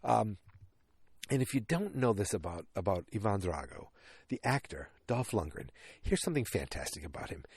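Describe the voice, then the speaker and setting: A man at a middle pitch talks casually on a movie podcast. He rambles, jokes and corrects himself often. The sound is close and dry, with no room to it. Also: darkish tone, no echo. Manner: rambling, self-correcting, joking asides. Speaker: podcast host.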